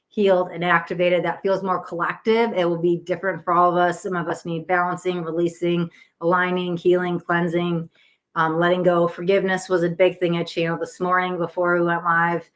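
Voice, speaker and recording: A woman hosting a live psychic reading stream, chatty and earnest, talking with gentle guidance and frequent restarts while tired. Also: lowish voice, flat delivery, normal speed. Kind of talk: casual live-stream chat.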